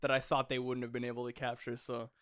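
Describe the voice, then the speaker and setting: A man's voice: medium pitch, monotone, fast, a bit bright, smooth. A young man co-hosting a podcast, chatting eagerly and laughing often, with lots of fillers. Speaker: podcast co-host. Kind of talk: casual chat.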